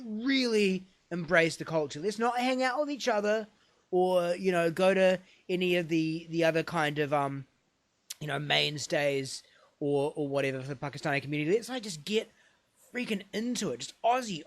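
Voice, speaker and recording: A man voicing an eager, boastful immigrant man who talks in a raised, excited voice. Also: dry recording, natural voice. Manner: excited, emphatic, high-pitched.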